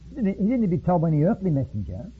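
A man's voice: sits high, sing-song. Man, sermon, solemn reading then loose explanation, phone-like sound. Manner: reads slowly and solemnly, then speaks freely with repeats. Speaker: preacher. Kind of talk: sermon with read-aloud passages. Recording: phone-like lo-fi line.

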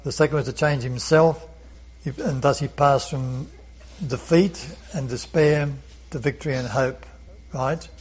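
A man's voice: mid-range voice, darkish tone, breathy edge, rough recording. A man leading a Bible study lesson, earnest, often repeating words and asking rhetorical questions.

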